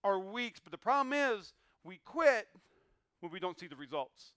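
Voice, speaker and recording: A man preaching a sermon in a high, bright voice. He is emphatic, repeats his lines and swings from near quiet to loud bursts. The sound is smooth and dry on a close mic. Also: sing-song, normal speed, no echo. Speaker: pastor.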